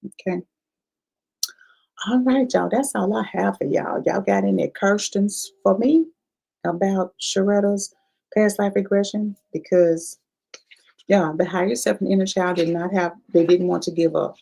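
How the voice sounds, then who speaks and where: A woman's voice: lowish voice, gravelly, mellow, slightly rough, rough recording. A woman practitioner giving a chatty, profane review of a past life regression session to her viewers, repeating herself and calling them y'all. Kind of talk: casual livestream review talk.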